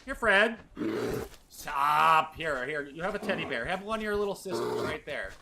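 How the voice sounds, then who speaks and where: A man's voice: on the high side, expressive, normal speed, vocal fry, noisy background. A man streaming a video game, rambling playfully to his chat as he plays. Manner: rambling, playful, talks to chat while playing. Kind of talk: casual gameplay commentary.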